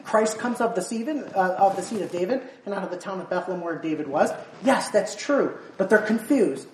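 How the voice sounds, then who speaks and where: A woman's voice: mid-range voice, expressive, a little fast, few pauses, a little mellow. Woman preaching in an echoey room. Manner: earnest, repeats words, quotes scripture in old-fashioned wording. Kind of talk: sermon. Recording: echoey room, voice from far off, noisy.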